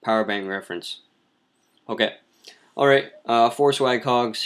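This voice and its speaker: A man's voice: mid-range voice, a little slow, clear, resonant tone. Laid-back man commentating game replays. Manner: relaxed, filler-heavy, self-correcting. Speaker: clan leader narrating war replays. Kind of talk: casual gameplay commentary.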